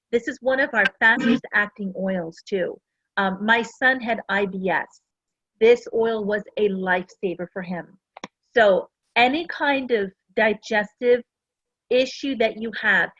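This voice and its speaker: A woman's voice: fairly high pitch, fairly bright tone, dry recording, highs cut off. A middle-aged woman giving a casual, earnest talk to a class, full of personal stories. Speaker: essential oils presenter.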